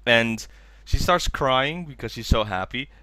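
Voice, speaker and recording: A man co-hosting a podcast, chatting casually as he recaps a documentary, acting out quotes in higher voices. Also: animated, measured pace, sharp tone, dry recording. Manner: enthusiastic, acts out quotes in high voices. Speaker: podcast co-host.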